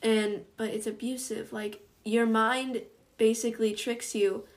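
A young woman co-hosting a casual podcast, joking around and laughing loudly at her own remarks between thoughtful talk. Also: on the high side, little pitch movement, unhurried. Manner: jokey, laughs loudly at herself. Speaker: podcast co-host. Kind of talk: casual chat.

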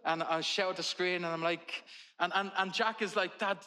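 A man in his forties preaching from the pulpit, with a high and bright voice. He talks to the congregation in a loose, chatty way and drifts into funny stories about his children. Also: steady tone, normal speed. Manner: conversational preaching with humorous family anecdotes. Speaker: pastor. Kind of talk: sermon.

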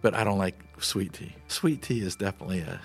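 A man's voice: deep voice, brisk, vocal fry, husky, faint music behind. A middle-aged man from Nebraska, a guest in a casual interview, telling rambling, easygoing stories about food.

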